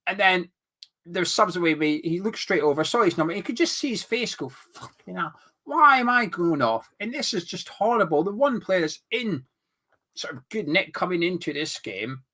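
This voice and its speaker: A young man hosts a football fan chat, plainly worked up and exasperated. His voice is bright and sits a little high, and it swings widely as he rants. He turns sarcastic now and then. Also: animated, normal speed. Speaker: fan channel host. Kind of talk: heated football fan commentary.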